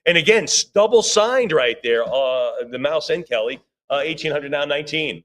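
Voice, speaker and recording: A man working as auctioneer, calling bids rapidly in a live auction and breaking off for chatty asides to bidders and staff. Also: on the high side, animated, a bit bright. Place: auction room.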